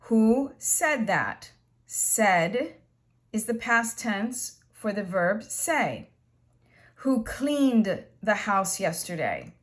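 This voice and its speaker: A woman teaching an English grammar lesson, explaining slowly and patiently with repeated examples. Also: medium pitch, sing-song.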